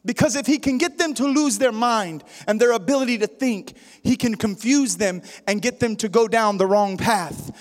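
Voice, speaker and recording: High-voiced man preaching in a hall. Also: moderate pace, hardly any pauses. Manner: prayerful, builds into sing-song preaching cadence. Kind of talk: sermon. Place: church sanctuary.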